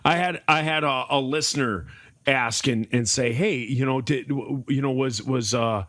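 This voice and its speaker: A man's voice: medium pitch, moderate pace, fairly bright tone, dry recording. A man co-hosting a podcast in casual, joking chat, laughing often. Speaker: podcast co-host.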